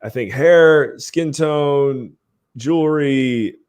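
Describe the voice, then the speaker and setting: A man's voice: mid-range voice, drawn-out words, darkish tone, clean tone. A man hosting a live podcast stream, chatting casually in an upbeat way and laughing often. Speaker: podcast host.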